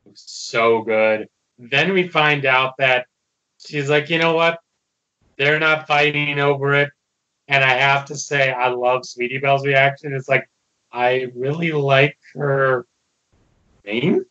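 A man's voice: medium pitch, steady tone, takes it slowly, bright, forceful tone, dull audio. A man co-hosting a podcast, casually retelling a cartoon episode and quoting the characters as he goes. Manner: casual, loose retelling with quoted lines. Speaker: podcast co-host. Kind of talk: casual episode recap chat.

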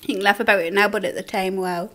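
A woman's voice: medium pitch, steady tone, fast talker, sharp tone. A young woman with a Geordie accent, chatting casually and laughing as she eats on camera. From Newcastle, England. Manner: chatty, laughs often, mouth full between bites. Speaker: eating-show vlogger. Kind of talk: casual chat while eating.

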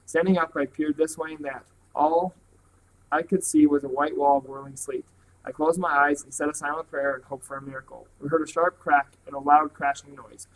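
A man reading a novel aloud at a plain, steady pace. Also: a little high, brisk, a little hiss or hum, low-quality recording. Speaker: reader.

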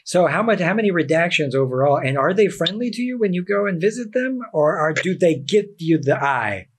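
A man hosting a podcast, chatting casually with a guest and cutting in with quick remarks. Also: fairly high pitch, expressive, slightly rough. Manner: chatty, laughs along, quick interjections. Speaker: podcast host. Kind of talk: casual interview chat.

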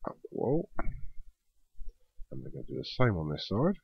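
A man's voice: mid-range voice, sing-song, normal speed, vocal fry, breathy edge, no room sound, dull audio. A man hosting a let's play, chatting casually and thinking aloud as he builds in a game.

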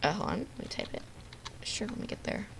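A woman giving playful, jokey live commentary on her own gameplay, with quick outbursts at the game. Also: background noise. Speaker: gamer narrating her own video.

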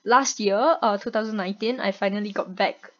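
A woman with a stuffy nose and a cough, giving excitable, chatty gameplay commentary and laughing often. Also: mid-range voice, brisk. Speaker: gamer and streamer. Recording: dull lo-fi home recording, faint noise.

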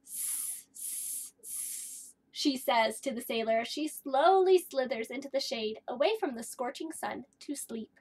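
A woman's voice: high-pitched, moderate pace, few pauses, darkish tone, slightly rough. A woman teaching a kindergarten phonics lesson, storytelling in a sing-song way and stretching out letter sounds for young children.

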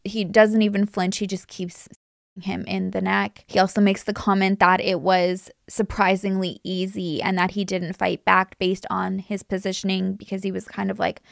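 A woman's voice: medium pitch, little pitch movement, moderate pace, vocal fry, no echo, studio quality. A woman hosting a true crime channel, talking casually and rambling with many restarts. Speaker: true crime YouTuber host.

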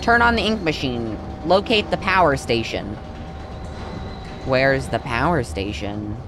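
A woman with a bass voice, animated and unhurried, hosts a gaming channel, giving let's-play commentary over a horror game amid some background noise. She chats throughout, talks to the characters and is easily startled into surprised reactions.

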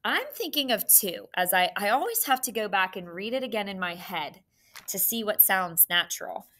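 An adult woman teacher giving a recorded phonics lesson, dictating slowly and prompting students with questions. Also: medium pitch, expressive, pushed and bright.

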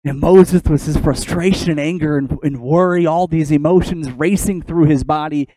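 A male pastor preaching a sermon, retelling a story in an animated way. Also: on the high side, normal speed, noisy background.

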